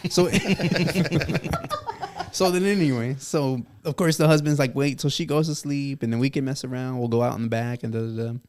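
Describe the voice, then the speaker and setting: A man's voice: medium pitch, normal speed, background noise. A man telling a story with laughter. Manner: animated, laughs through the telling, acts out dialogue. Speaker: podcast guest. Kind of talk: casual storytelling.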